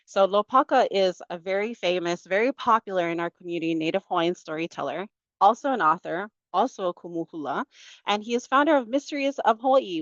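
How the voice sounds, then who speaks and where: A woman's voice: medium pitch, a bit bright, no echo. A woman hosting an online event, introducing a guest with enthusiasm and repeated emphasis. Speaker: event host. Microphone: video call. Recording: dull lo-fi video call audio.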